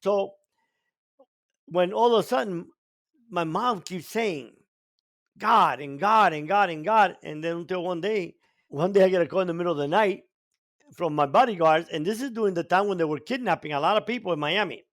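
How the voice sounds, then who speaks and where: A man's voice: high voice, brisk. An older man from Cuba, a podcast guest telling his life story with emphatic, repeated stresses. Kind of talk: storytelling in an interview.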